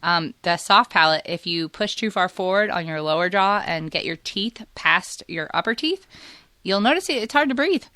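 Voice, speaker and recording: Bright-voiced woman rambling in casual chat. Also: lowish voice, animated, moderate pace, no room sound. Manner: rambling, explanatory, filler-heavy. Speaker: podcast guest, host's wife.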